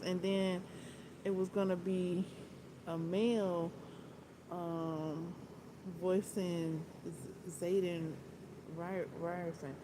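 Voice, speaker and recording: Slow-talking woman in casual chat. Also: mid-range voice, a little hiss or hum, rough recording. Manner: rambling, repeats herself, restarts phrases; animated, laughs often. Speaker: book vlogger.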